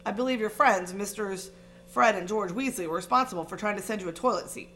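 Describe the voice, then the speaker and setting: A woman reading aloud, voicing a kindly old male headmaster wizard who speaks in a calm, measured, gently wry way. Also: mid-range voice, slight background noise, lightly acted.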